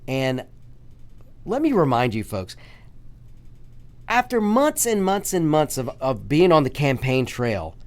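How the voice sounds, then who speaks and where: A man's voice: medium pitch, big pitch swings, slow, long pauses. A man hosting a political talk radio show, delivering an emphatic, repetitive monologue and calling his listeners "folks.".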